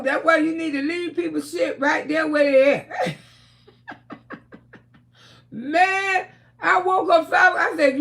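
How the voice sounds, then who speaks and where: A woman hosting a casual livestream, talking loudly with frequent laughter and cursing while telling stories to her viewers. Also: extremely high pitch, takes it slowly, vocal fry, pauses often, slight background noise. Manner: loud, laughing, storytelling with lots of cursing. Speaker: livestream host.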